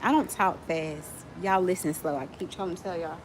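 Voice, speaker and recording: A woman of forty from Miami, chatting fast and playfully with viewers as host of her own livestream. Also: lowish voice, slight background noise. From Miami, USA. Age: 40s. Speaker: livestream host, nonprofit founder. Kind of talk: casual livestream chat with viewers.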